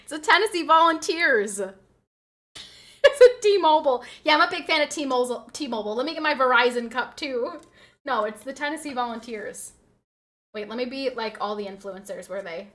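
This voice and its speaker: A woman's voice: sits high, lively intonation, fairly quick, a bit bright. A woman streamer chatting casually with her viewers, rambling and laughing often as she reads and answers chat.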